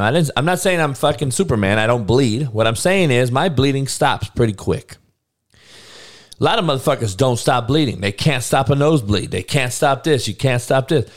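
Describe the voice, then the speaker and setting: Guy ranting hard, cursing a lot, pitch swings all over the place. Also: animated, normal speed. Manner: blunt, profane, heated ranting with laughs. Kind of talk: casual profane rant.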